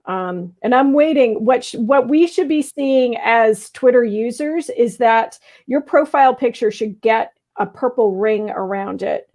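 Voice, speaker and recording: A woman's voice: fairly high pitch, measured pace, hardly any pauses, darkish tone. A woman co-hosting a talk show, chiming in casually with short explanations. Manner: brief supportive interjections and explanations. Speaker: co-host. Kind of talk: casual chat.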